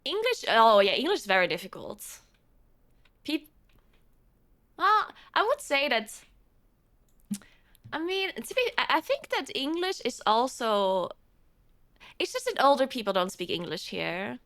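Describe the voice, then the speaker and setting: Bright-voiced woman chatting on stream. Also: high-pitched, huge pitch swings, measured pace, pauses often. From South Tyrol, Italy. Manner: rambling, frequent restarts, reads out chat. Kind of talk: casual chat with viewers.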